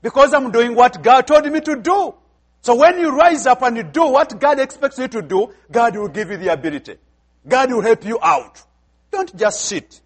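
High-voiced visiting pastor preaching emphatically. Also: male voice, husky. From outside the United States. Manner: emphatic preaching, repeats phrases, acts out dialogue. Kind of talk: sermon.

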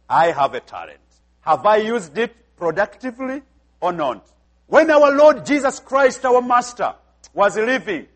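A man with an African accent preaches in a very high voice. He delivers an emphatic sermon. He keeps putting questions to the congregation.

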